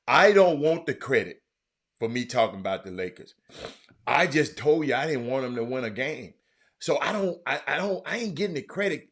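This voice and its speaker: A man hosting a casual livestream, reading viewer comments and greeting people by name in an animated, loose way. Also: mid-range voice, moderate pace. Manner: animated, shouts out viewers by name, drifts off-mic. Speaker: livestream host.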